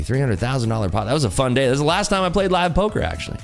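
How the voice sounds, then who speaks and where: A man's voice: medium pitch, very animated, rapid-fire, vocal fry, few pauses, faint music behind. A tired man hosting a day-trading livestream, joking and reading chat aloud in casual talk.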